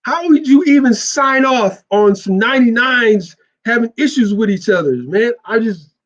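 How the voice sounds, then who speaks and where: A middle-aged man with a strikingly high voice rants in a blunt, profane, emphatic way, hammering his points home. The sound is dull and lo-fi, as from a cheap recording. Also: lively intonation, moderate pace, a bit bright. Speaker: motorcycle club commentator. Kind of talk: casual monologue.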